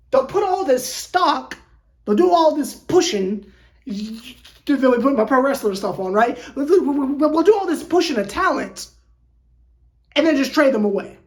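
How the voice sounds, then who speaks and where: A woman hosting a sports fan channel, venting in an animated, exasperated way with lots of stumbling repeats. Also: high-pitched. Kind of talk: casual fan rant to camera.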